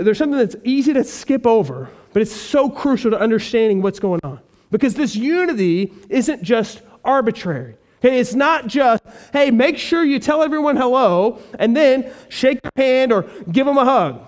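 A male pastor preaching a sermon, earnest and emphatic, repeating key phrases for weight. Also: extremely high pitch.

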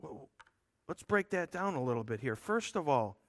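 High-voiced man preaching a sermon. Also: very animated, moderate pace, dry recording. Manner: earnest, emphatic, with rhetorical asides.

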